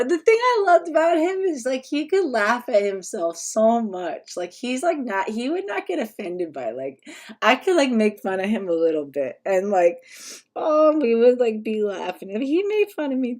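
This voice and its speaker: Woman, slightly high voice, casual vlog, rambling, filler-heavy, swears and laughs, talking at her home computer. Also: sing-song, moderate pace, a little mellow. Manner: chatty and loose, with many fillers, swearing and laughs. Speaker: vlogger. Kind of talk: casual rambling talk to camera.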